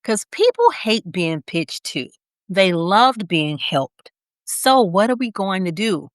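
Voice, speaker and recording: Slow-paced, lively Southern woman coaching. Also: mid-range voice, no room sound, clean studio sound. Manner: slow, deliberate pacing with pauses, smiling, energetic. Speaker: business coach for nurses. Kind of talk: motivational on-camera lesson.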